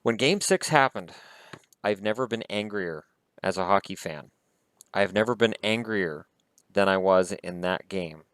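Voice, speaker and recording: A man's voice: sits low, no echo. A man vlogging about hockey, talking in a heated, blunt and profane way. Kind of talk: casual opinion rant.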